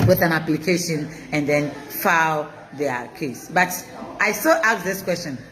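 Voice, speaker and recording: A Ghanaian woman hosting a live stream, mixing Twi and English, reading viewer comments in an animated, chanting way. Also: fairly low pitch. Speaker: host of an online news channel.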